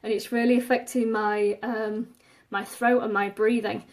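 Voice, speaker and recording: Woman, live-stream business coach, slightly breathless, higher pitch, direct advice-giving delivery. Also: little pitch movement, normal speed. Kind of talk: live-stream talk to viewers.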